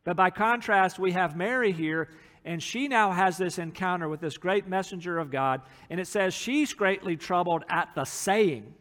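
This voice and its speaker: A man's voice: a little high, fairly bright tone, long reverb tail. A middle-aged man preaching a sermon, reading scripture aloud and explaining it earnestly. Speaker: pastor.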